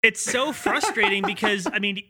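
A young man co-hosting a casual podcast, animated and quick with laughing asides. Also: sits high. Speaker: podcast co-host.

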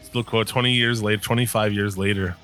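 A man's voice: on the low side, steady tone, a little fast, sharp tone, soft background music. A middle-aged man in casual, crude conversation, rambling through stories with lots of swearing and laughing.

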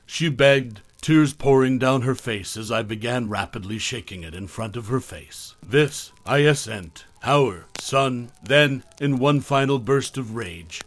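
A man telling a first-person horror story in a measured, dramatic storytelling manner, as the show's narrator. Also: mid-range voice, dry recording.

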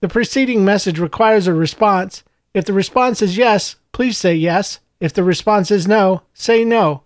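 Flat, clipped receptionist lady, as a man voices her, dry delivery. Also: high-pitched, moderate pace, no echo, close to an everyday voice. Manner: flat, curt monotone. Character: dry, prim female receptionist.

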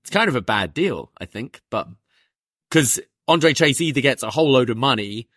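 A man's voice: medium pitch, animated, moderate pace, fairly bright tone, dry recording, studio quality. A man co-hosting a podcast review, breaking down the story with wry, analytical comments. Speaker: podcast co-host. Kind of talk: casual review chat.

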